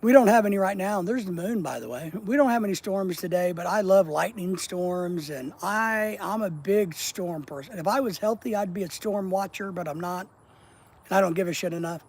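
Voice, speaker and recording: A man with a fairly high, gravelly voice chats on a casual outdoor live stream at night. He reads viewer comments aloud and answers them with blunt, profane teasing. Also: moderate pace, a little mellow, low-quality recording.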